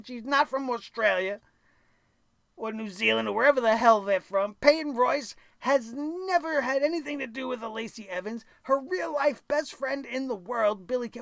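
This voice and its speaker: A man's voice: extremely high pitch, gravelly, a bit bright, no echo. A man reviewing a wrestling show in a blunt, crude, exasperated rant full of sarcastic asides. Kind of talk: opinionated recap rant.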